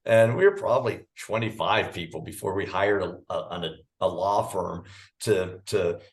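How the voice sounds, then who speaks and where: A man's voice: low-pitched, animated, normal speed. A middle-aged man, a firm founder as podcast guest, telling stories casually with many restarts and fillers. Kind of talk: conversational storytelling.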